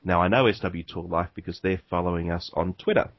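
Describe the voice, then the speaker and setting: An Australian man co-hosting a casual gaming podcast, easygoing and quick to chuckle. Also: sits low, dry recording, highs cut off. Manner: easygoing, laid-back, chuckling. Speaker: podcast co-host. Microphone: home podcast microphone.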